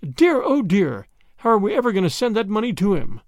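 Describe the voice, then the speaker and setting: A man's voice: sits high, big pitch swings, normal speed, darkish tone, no room sound, studio quality. Man doing a kindly stubborn old grandmother. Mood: earnest. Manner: earnest, plaintive.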